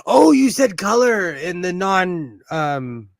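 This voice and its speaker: A man with a fairly high voice chats loosely on a livestream, cracking jokes and laughing between thoughts. He is from Southern California, and his voice sounds close and dry, with no room around it. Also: very animated, slow, gravelly, dry recording. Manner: jokey, laughs often, trails off and restarts. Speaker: livestream co-host. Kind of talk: casual chat.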